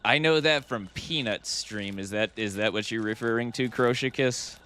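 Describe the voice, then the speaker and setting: A man's voice: fairly low pitch, normal speed, sharp tone, slight background noise. A man chatting casually with his viewers during a live game stream, thanking them and thinking aloud as he plays. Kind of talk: casual live-stream chat while gaming. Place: home streaming setup.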